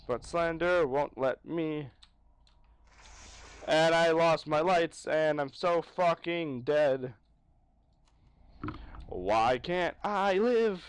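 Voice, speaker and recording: A man playing a horror game, commentating in panicky yells and laughter, pleading with the monster as it chases him. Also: fairly high pitch, smooth, no echo. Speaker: gaming YouTuber. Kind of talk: let's play commentary.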